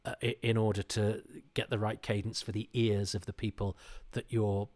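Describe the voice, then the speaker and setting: A middle-aged man hosting a podcast, talking in a casual monologue with animated, indignant storytelling. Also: on the low side, moderate pace. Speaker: podcast host.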